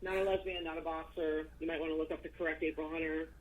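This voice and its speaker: A woman's voice: deep voice, level tone, quick pace, rough recording. A woman guest in a casual interview chat, speaking bluntly and with profanity over a video call. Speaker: wrestling guest.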